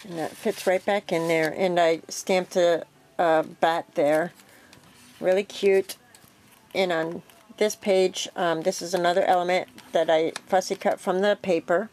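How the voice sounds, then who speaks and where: Her voice slightly low, a woman who makes craft vlogs casually presents her homemade project, rambling in an unhurried manner. Ums fill her pauses and she keeps correcting herself, like a show-and-tell at her craft table.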